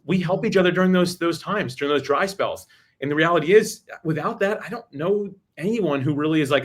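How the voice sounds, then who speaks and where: A man speaks quickly and emphatically as a guest on a podcast, his voice sitting a little above the usual male pitch. He often restarts his phrases as he pushes his point along. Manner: rapid, emphatic, many restarts. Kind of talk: energetic advice talk.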